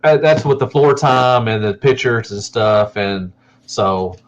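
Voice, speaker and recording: A man's voice: on the low side, measured pace. A man co-hosting a casual toy review livestream, laid-back, laughing often and drawing out his fillers. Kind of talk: casual chat. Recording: slightly dull, lo-fi audio.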